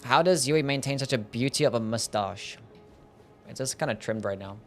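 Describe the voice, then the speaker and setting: A man's voice: mid-range voice, normal speed, faint music behind. Laid-back young male streamer. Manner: laid-back, swears, reads chat. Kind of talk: casual gameplay commentary.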